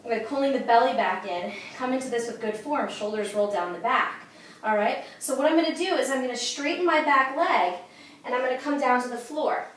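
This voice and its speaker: Demonstrating moves at home, a breathless fitness instructor coaches with upbeat energy and regularly asks "okay?" and calls out "you guys." Her voice sits high and runs a little fast, with a faint hiss or hum and an echoey, far-off recording.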